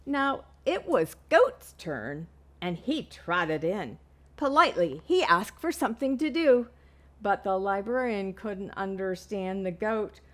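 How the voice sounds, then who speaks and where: Woman, librarian, storytime read-aloud, very lively pitch, slow, expressive. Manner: expressive, slow and deliberate, points out words to children. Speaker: children's librarian.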